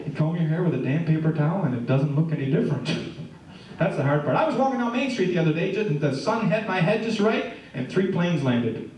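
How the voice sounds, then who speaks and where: A middle-aged man doing stand-up comedy, telling jokes in a chatty way and asking the crowd questions, live on stage. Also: a little high. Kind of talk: stand-up routine with audience banter. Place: live stage before an audience. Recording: echoey room, heard from far off.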